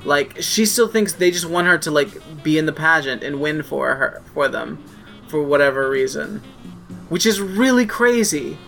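A man's voice: fairly high pitch, expressive, normal speed, gravelly, fairly bright tone, soft background music. A man co-hosting a podcast in casual chat, hesitant with many fillers. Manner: hesitant, lots of "like" and "um". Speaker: podcast co-host.

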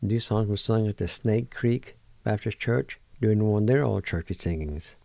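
A middle-aged man hosting a language lesson, spelling words letter by letter and repeating each one slowly. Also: lowish voice, vocal fry, dark tone, no room sound. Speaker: radio host teaching words. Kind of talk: slow word-by-word language lesson.

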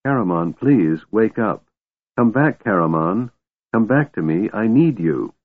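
A man reading a storybook aloud, voicing a frightened young woman who tries to stay strong, in a soft, pleading way. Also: fairly low pitch, sing-song, moderate pace, breathy edge, dry recording, full character voice. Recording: tinny phone-like dry sound.

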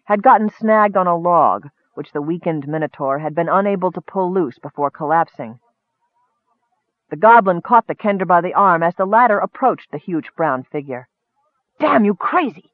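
A man reading a fantasy story aloud as narrator, in a measured, even way. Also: a little high, no echo. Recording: tinny phone-like sound.

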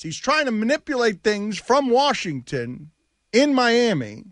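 A man's voice: very high-pitched, very animated, unhurried, a bit bright, no room sound, clean studio sound. A man hosting sports talk radio, riffing animatedly and firing rhetorical questions at his co-hosts. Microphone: studio microphone.

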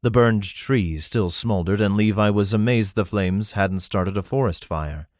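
Low-voiced male audiobook narrator. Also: measured pace, darkish tone, no room sound, clean studio sound. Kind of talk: scripted fantasy narration.

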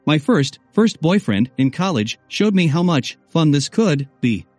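A woman's voice: low voice, sing-song, unhurried, a little mellow, no echo, soft background music, heavily acted. A man reading a story, voicing a breathless young woman who gasps as she talks.

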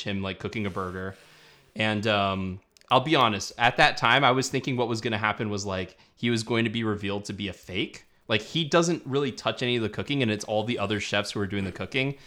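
Chill guy with a lowish voice, chuckling, walking through his take on the movie. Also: brisk, pushed and bright. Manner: laid-back, chuckling, talks through his points with restarts. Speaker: podcast co-host. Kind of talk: casual film review chat.

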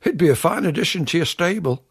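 Brief: man voicing a mild middle-aged amateur songwriter, earnest, raspy and animated. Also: on the high side, fast, pitched above the performer's own voice, full character voice. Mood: fretful.

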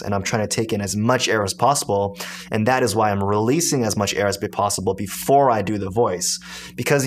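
A man casually teaching a beatboxing technique step by step. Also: fairly low pitch. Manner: explains step by step with demo sounds. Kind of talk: casual tutorial.

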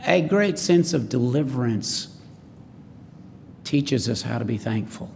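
Preacher guy, slow and gravelly, folksy sermon, echoey church with a faint rumble. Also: lively intonation, a little mellow. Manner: folksy, asks the congregation questions.

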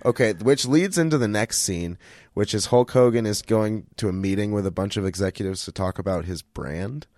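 A man hosting a podcast in casual chat, relaxed, chuckling and trailing off. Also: on the low side, normal speed, dry recording, clean studio sound. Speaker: podcast host.

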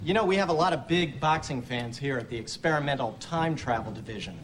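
A man's voice: medium pitch, lively intonation, brisk, noisy background, close to an everyday voice. An actor playing a friendly male scientist welcoming a guest in a sketch comedy clip. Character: chummy male scientist at a space agency.

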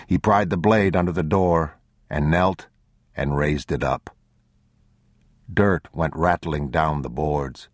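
A man narrating an audiobook in a measured, grave, unhurried way, on a close studio mic. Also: a bass voice, no room sound. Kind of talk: scripted narration.

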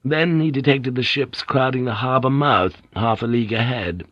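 A man narrating a novel in a steady, measured audiobook reading. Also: mid-range voice, dry recording, muffled recording. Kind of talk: scripted narration.

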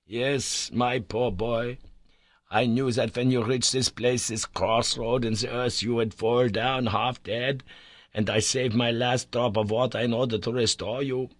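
Man reading as gentle elderly professor, kindly and soft, dry close sound. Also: fairly even intonation, measured pace, no echo, lightly acted. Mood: tender. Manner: gentle, raised in pitch.

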